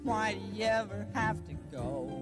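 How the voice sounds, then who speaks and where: A woman's voice: mid-range voice, lively intonation, normal speed, loud music behind the voice, lightly acted. A woman playing a heartbroken dog owner who croons and wails in a comic sung number. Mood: mournful.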